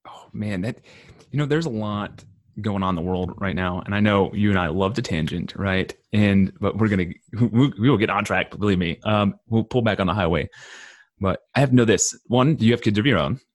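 A man's voice: fairly low pitch, a little fast, dry recording, clean studio sound. A man hosting a podcast from his home office, chatting casually and rambling with lots of restarts and "right?" tags. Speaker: podcast host. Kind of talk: casual interview chat.

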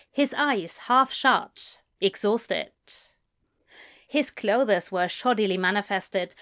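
A woman narrating a fan fiction story in a soft, gentle storytelling manner. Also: mid-range voice. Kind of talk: audiobook fan fiction reading.

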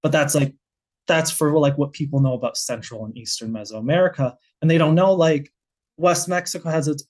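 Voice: medium pitch, a little fast, darkish tone. A guest researcher with an American accent explaining their field in casual conversation, thinking aloud with many restarts.

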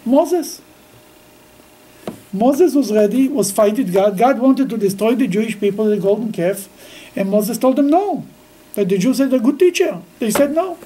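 Man, Torah teacher, mellow dark tone, halting delivery with restarts, lively storytelling. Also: high-pitched, a little hiss or hum, rough recording. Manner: halting, with frequent restarts, grows lively while telling stories. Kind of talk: weekly scripture class.

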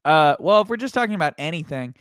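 A man's voice: on the high side, expressive, fast, fairly bright tone, no room sound, studio quality. A man co-hosting a sports podcast, talking in an easygoing, casual way and laughing often. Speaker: podcast co-host.

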